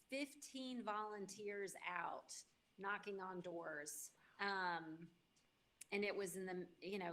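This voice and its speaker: Woman mayor guest, unhurried, bright and clear tone, grateful. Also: medium pitch. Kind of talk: casual interview talk.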